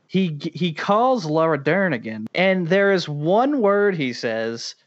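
A man's voice: a little high, sing-song, takes it slowly, no room sound. A man from Boston co-hosting a casual comedic movie podcast, riffing sarcastically with plenty of swearing. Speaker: podcast co-host. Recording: dull, dry lo-fi podcast audio.

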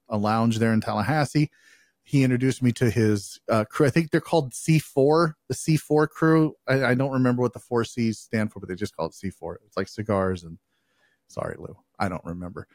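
A man's voice: medium pitch, a little mellow, no echo, studio quality. A man co-hosting a podcast, telling stories in a loose, rambling, profane way with lots of fillers. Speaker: podcast co-host. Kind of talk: casual chat.

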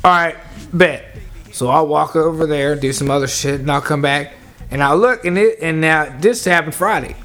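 A man telling a loud, profane work story in casual podcast chat, acting out his coworkers as he goes. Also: a little high, normal speed. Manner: animated storyteller, acts out coworkers, heavy cursing.

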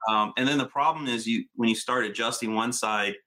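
Bright-voiced, profane car guy. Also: medium pitch, a little fast. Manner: profane, animated storyteller. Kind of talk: casual chat.

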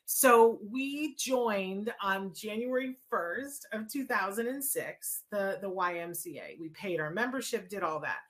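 A middle-aged woman, a guest in an interview, telling a personal story in a lively way, acting out what people said and restarting her sentences. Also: mid-range voice, measured pace, hardly any pauses. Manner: lively retelling with quoted dialogue and restarts.

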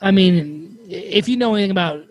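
A man hosting a podcast, telling a campfire story in a casual, animated way and swearing freely. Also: sits high, normal speed, no echo. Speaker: podcast host.

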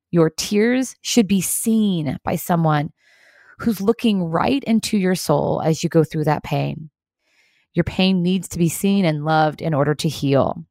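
A woman hosting a leadership video series, giving an earnest, encouraging, measured motivational talk. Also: fairly low pitch, darkish tone, no room sound, clean studio sound. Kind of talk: scripted motivational talk to camera.

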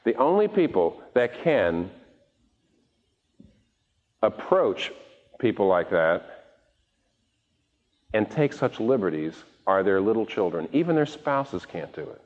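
A man preaching a sermon, animated and restarting words as he speaks, acting out the voices of the people he quotes. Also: on the low side, slow, long pauses. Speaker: pastor. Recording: dull recording with long hall reverb.

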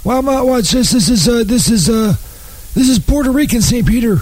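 A man's voice: very high-pitched, lively intonation, fairly quick, darkish tone, dry recording. A man bantering in a comedy sketch, stammering, defensive and profane.

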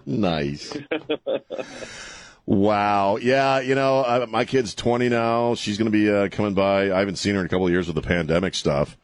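A man's voice: lowish voice, no room sound. A middle-aged man hosting a talk radio show, joking wryly and chatting casually with a guest in the studio. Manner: joking, wry, drops into quick put-on voices. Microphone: studio microphone.

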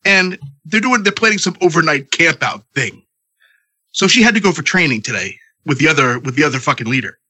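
A man's voice: a little high, animated, brisk, sharp tone. Ranting, profane man, congested. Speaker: podcast co-host. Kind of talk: casual chat. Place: home, at night.

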